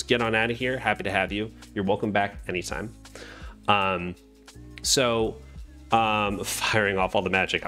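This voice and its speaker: A man's voice: fairly low pitch, a bit bright. A man casually explaining his streaming setup, rambling, greeting chat mid-sentence and correcting himself. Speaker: Twitch streamer. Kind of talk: live-streamed software tutorial.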